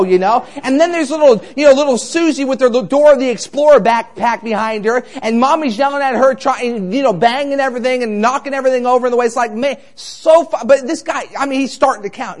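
A man's voice: extremely high pitch, fairly quick, few pauses. A man preaching a sermon, telling a joking story in a casual, conversational way before turning to fervent exhortation.

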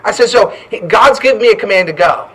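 A man's voice: high-pitched, animated, fast talker, bright, forceful tone, far from the mic, poor audio. A man preaching a fervent sermon as pastor, often tossing in "right?" asides.

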